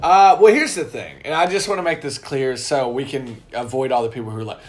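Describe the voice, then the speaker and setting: A man's voice: medium pitch, fairly quick, hardly any pauses. A man in casual reaction chat, talking in an emphatic, blunt and indignant way. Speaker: co-host.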